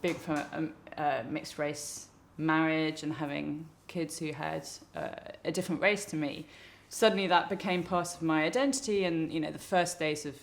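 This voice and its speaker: A woman's voice: low-pitched, fairly even intonation, normal speed, gravelly, hardly any pauses. A woman artist being interviewed, talking in a thoughtful, wandering way with restarts. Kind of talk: reflective interview talk.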